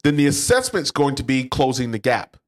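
Speaking a little fast at a medium pitch, a podcast co-host keeps the business chat casual as he discusses sales. He's animated, acting out quoted salespeople.

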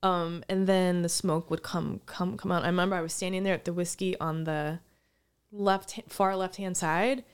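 A woman's voice: fairly low pitch, fairly even intonation, moderate pace, clear, resonant tone. A middle-aged woman musician chatting casually and telling a long story, with many restarts and gasps. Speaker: podcast guest, musician. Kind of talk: casual chat.

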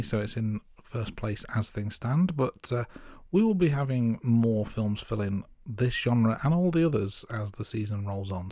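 A young man from the Midlands co-hosting a film podcast, measured and wry in casual chat. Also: on the low side, mellow, no echo, clean studio sound. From English Midlands. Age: young adult. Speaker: podcast co-host.

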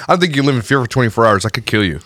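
Fast-talking man on a casual podcast. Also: medium pitch, animated, bright, forceful tone, no room sound. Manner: joking, rambling, quick. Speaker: podcast co-host. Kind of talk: casual chat.

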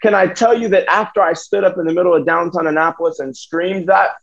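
A man's voice: high voice, fairly even intonation, quick pace, gravelly. A man preaching a sermon to students, emphatic and repeating phrases. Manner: emphatic, repeats phrases, acts out his own thoughts. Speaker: youth preacher. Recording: dull lo-fi sound.

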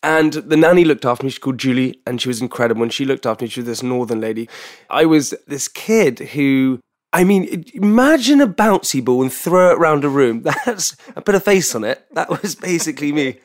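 Energetic young Englishman telling his story. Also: mid-range voice, a little fast. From England. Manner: energetic, tumbling restarts and repetitions. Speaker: guest. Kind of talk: candid personal storytelling.

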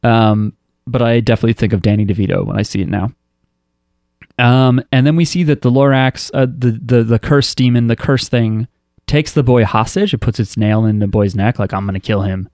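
A man's voice: medium pitch, normal speed, a little mellow, no room sound, clean studio sound. A man casually recapping an anime episode for a podcast, wry and loose, with lots of fillers and restarts. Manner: rambling, filler-heavy storytelling with frequent restarts. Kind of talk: casual chat.

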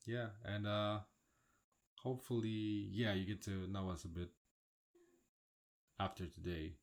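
A man's voice: fairly low pitch, level tone, unhurried. Laid-back Polish man in his thirties. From Poland. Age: 30s. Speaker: podcast co-host. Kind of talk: casual chat.

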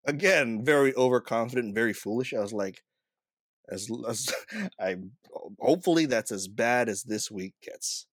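Young male co-host, casual storyteller, laughs a lot, animated delivery, close dry mic. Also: mid-range voice, moderate pace, no room sound. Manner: laughs often while telling a self-deprecating story. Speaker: podcast co-host. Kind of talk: casual chat.

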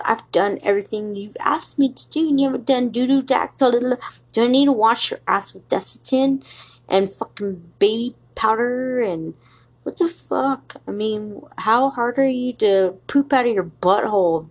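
A woman's voice: medium pitch, a little mellow. Woman podcaster, solo rant, crude and confrontational, mid-range voice. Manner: profane, confrontational, rambling. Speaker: podcast host. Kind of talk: rambling solo monologue.

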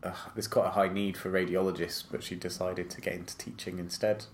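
A British man talking as a guest in a casual interview, relaxed and hesitant, with many fillers. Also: low-pitched, a little fast, slight background noise.

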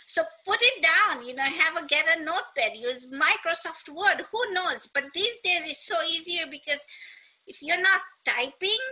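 A middle-aged woman with a high, very bright voice who talks in an animated, motivational way. She is emphatic and acts out quoted lines. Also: poor audio. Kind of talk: casual motivational chat.

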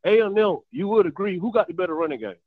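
A man's voice: high-pitched, expressive, fast, dry recording. A man calling in to a sports show, arguing insistently and pushing to finish his point, heard over a tinny phone line. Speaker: caller. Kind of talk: heated sports debate on a call-in line.

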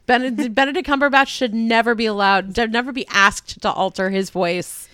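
A woman's voice: on the high side, fairly even intonation, fairly quick, pushed and bright, smooth, no echo. A woman co-hosting a podcast, reacting with wry exasperation in casual chat. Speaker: podcast co-host.

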